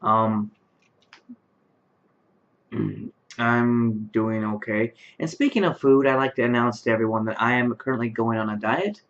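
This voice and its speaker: Late at night in his bedroom, a worn-out man in his late twenties speaks to camera in a mid-range voice, a little slowly and with long pauses. His casual vlog talk rambles, full of fillers and restarts, and the webcam microphone gives it a dull lo-fi sound.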